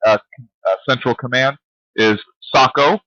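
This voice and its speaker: Bright, teasing male radio co-host. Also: medium pitch, measured pace, no echo, dull audio. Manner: joking, teasing, chatty. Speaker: co-host of a late-night radio talk show. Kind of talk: casual banter on a talk radio show.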